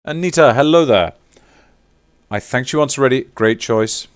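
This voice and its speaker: A man's voice: medium pitch, lively intonation, moderate pace, dry recording, studio quality. A man chatting casually with viewers on a live stream while signing autographs, teasing and reading out names.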